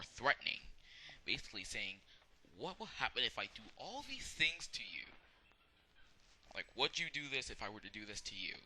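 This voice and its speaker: A man reviewing a song in a casual, rambling way, often pausing to search for words. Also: on the low side, bright, forceful tone, slight background noise.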